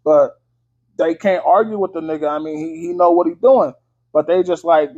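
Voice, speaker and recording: Male vlogger, higher pitch, casual profane movie recap, filler-heavy, muffled lo-fi sound. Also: fairly even intonation, normal speed, darkish tone. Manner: loose, slangy, full of fillers and swearing. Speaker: movie reviewer. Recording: dull lo-fi audio.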